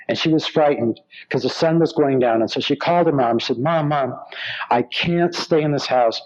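Man, sermon storyteller, voices the people he quotes, mid-pitched, slightly dull lo-fi sound. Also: darkish tone. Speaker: minister telling stories.

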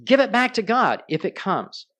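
A man's voice: high-pitched, sing-song, moderate pace, fairly bright tone. A man preaching a sermon, telling stories and putting questions to his listeners. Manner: storytelling preacher, asks the congregation questions. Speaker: pastor.

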